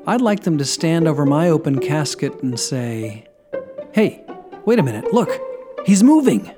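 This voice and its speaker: A man's voice: fairly high pitch, expressive, moderate pace, over music, close to an everyday voice. A man voicing a sly, thoughtful man delivering the punchline of a joke. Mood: wry.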